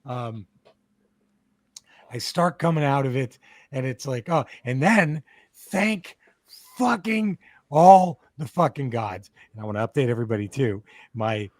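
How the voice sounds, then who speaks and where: A man co-hosting a podcast, telling a story in a casual, profane, animated way. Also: mid-range voice, no room sound, studio quality. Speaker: podcast co-host. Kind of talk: casual chat.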